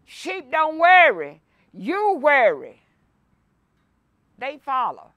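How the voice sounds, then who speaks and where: A woman pastor leading a Bible lesson, reading scripture aloud and preaching with slow emphasis and repetition. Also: sits high, huge pitch swings, dry recording, muffled recording. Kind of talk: sermon-style Bible lesson. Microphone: no mic, by her own words.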